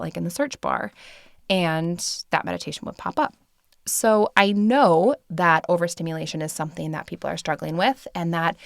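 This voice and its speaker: A woman's voice: on the low side, gravelly, no echo, studio quality. A woman in her thirties hosting a podcast, talking casually with many fillers and light laughs. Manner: chatty, filler-heavy, laughs easily. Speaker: podcast host and meditation teacher. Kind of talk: casual solo podcast talk.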